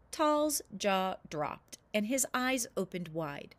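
A woman reading a children's story aloud with expressive narration. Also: mid-range voice, takes it slowly, no echo.

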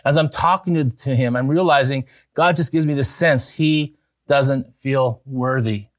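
A man preaching an evangelistic sermon as pastor, telling a story in an earnest way that rises to excited emphasis. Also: medium pitch, measured pace, no room sound, studio quality.

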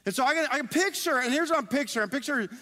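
A male pastor delivers a sermon, telling a story in a chatty, animated way. His voice sits fairly high. It rings out with a long hall reverb, as in a large sanctuary. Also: racing.

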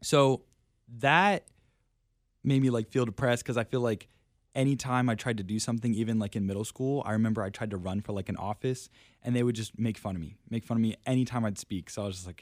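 A young man with a fairly low voice talks casually on a podcast. He tells personal stories in a self-deprecating way, laughing as he goes. The sound is dry and close. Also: a little fast, dry recording. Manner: self-deprecating, laughs often, lots of fillers. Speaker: podcast guest. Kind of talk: casual storytelling chat.

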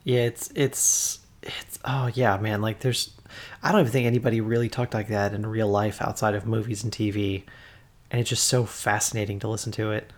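A young man in casual podcast conversation, relaxed and agreeable, laughing easily. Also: fairly low pitch, normal speed. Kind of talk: casual chat.

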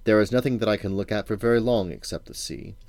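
Dad reads as a deep, cold old storybook king, muttering and demanding. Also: quick pace, a little mellow, no room sound, lightly acted. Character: old grim king, menacing and suspicious.

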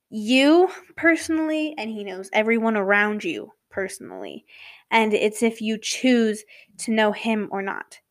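A woman hosting a casual faith talk, rambling with asides and self-corrections, sometimes dropping to a soft whisper. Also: medium pitch. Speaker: podcast host.

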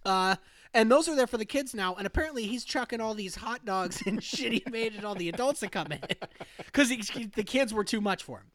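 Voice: mid-range voice, animated, a little fast, a bit bright. A podcast host telling a rambling story in casual chat, laughing, swearing and restarting often.

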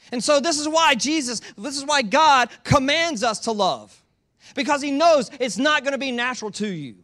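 A pastor preaching a sermon, emphatic and repetitive, asking the congregation rhetorical questions and sometimes dropping into quiet asides. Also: male voice, extremely high pitch. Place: church in Georgia.

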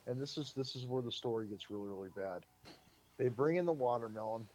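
A man, a publicist, telling show-business stories in a lively, casual way on a podcast and acting out what people said. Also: medium pitch, brisk. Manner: lively anecdote-teller, acts out quotes.

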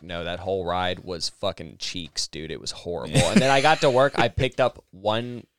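A man's voice: low voice, moderate pace, hardly any pauses, a bit bright, clear, resonant tone, no echo, clean studio sound. A man co-hosting a podcast, casually telling a story full of swearing and acted-out quotes. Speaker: podcast co-host. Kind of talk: casual chat.

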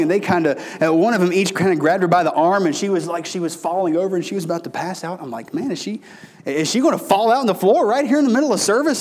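A male pastor delivers a sermon in a folksy storytelling manner. His voice sits on the higher side for a man, and he keeps turning to the congregation.

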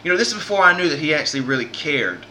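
A Southern US podcast host tells a heartfelt story in a loose, rambling, chatty way, sounding earnest and often restarting sentences. His very bright, slightly high voice swings widely in pitch and races along very fast, with a little hiss or hum in the audio.

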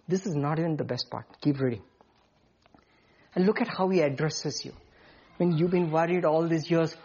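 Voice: medium pitch, moderate pace, long pauses, darkish tone, dull audio. A preacher delivering an emphatic sermon and often asking the congregation questions.

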